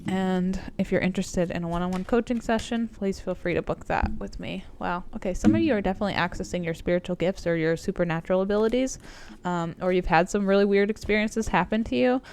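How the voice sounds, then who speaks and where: A woman's voice: mid-range voice, fast talker, darkish tone, slight background noise. A woman with a cold giving a casual, meandering tarot reading to her viewers, with lots of "like" and "um". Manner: chatty, meandering, frequent "like" and "um". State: sick with a cold. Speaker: tarot reader and coach.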